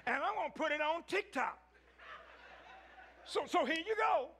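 A man preaching a sermon, swinging between shouted peaks and low, quiet stretches. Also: expressive, measured pace, slight background noise. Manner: rising to shouts, then dropping low.

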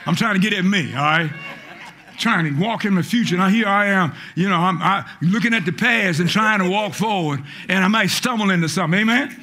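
A male pastor preaching a fiery call-and-response sermon, stammering on repeated words and rising to shouts. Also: sits high, brisk. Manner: acts out quoted voices, stammers on repeated words.

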